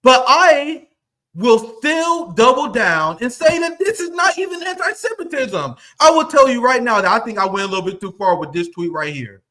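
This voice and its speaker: A man's voice: very high voice, sing-song, normal speed, pushed and bright. A man hosting a livestream, delivering angry, profane commentary in a heated rant. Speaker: livestream host.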